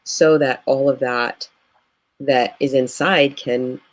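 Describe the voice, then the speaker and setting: A woman's voice: rumbling low, fairly even intonation, takes it slowly. A woman who works as a grief guide, speaking earnestly and reflectively in a live video interview, with frequent "you know" fillers.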